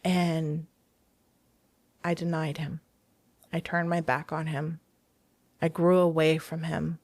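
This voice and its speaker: A woman's voice: sits low, flat delivery, slow, a little mellow, dry recording. A woman telling her personal story of faith as a guest in an interview, earnest and hesitant, often restarting her sentences. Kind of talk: personal testimony in a podcast interview.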